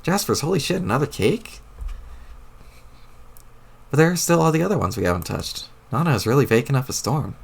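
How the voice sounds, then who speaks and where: A man's voice: mid-range voice, animated, a little fast, creaky, long pauses, breathy edge, pitched above the performer's own voice. A man reading aloud as an earnest, slightly nervous teenage boy hero. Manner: hesitant, earnest questions.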